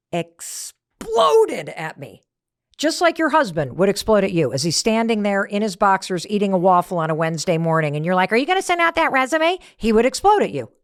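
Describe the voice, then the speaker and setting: A middle-aged woman hosting a podcast, telling a story in an animated motivational talk that drops to whispered asides. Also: mid-range voice, moderate pace, no echo, studio quality. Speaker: podcast host.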